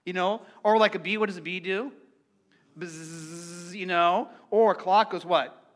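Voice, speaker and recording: Guy preaching to his church, high-ish voice, chatty, keeps talking to the crowd. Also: steady tone, normal speed. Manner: conversational, repeats words, engages congregation. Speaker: pastor. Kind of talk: sermon.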